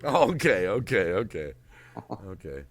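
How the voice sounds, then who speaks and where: A man's voice: low voice, unhurried. A middle-aged man hosting a late-night live stream, telling stories with frequent laughs and greeting viewers in the chat. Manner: lively storyteller, laughs often and greets the chat.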